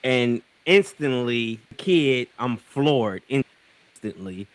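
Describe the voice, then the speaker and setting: Man, talk show host, livestream mic, casual storytelling, halting, filler-heavy, mid pitch. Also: animated, dry recording. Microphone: livestream call mic.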